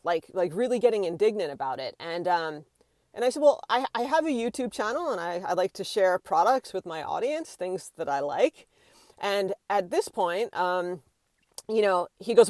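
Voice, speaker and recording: A woman vlogger recounting a story in a casual, animated way, with many fillers and acted-out quotes. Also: fairly low pitch, moderate pace, dry recording, studio quality. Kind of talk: storytime vlog.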